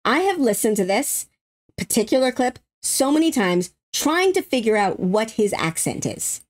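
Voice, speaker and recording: A young adult woman hosting a casual trailer breakdown, excitable and breaking into squeals and laughs. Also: on the high side, normal speed. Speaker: YouTube host.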